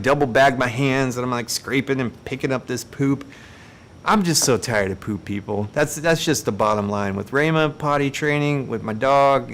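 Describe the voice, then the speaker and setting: Animated man telling funny stories live. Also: mid-range voice, a little hiss or hum. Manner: animated, self-mocking, laughs between lines. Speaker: live-stream host. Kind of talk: casual storytelling on a live stream.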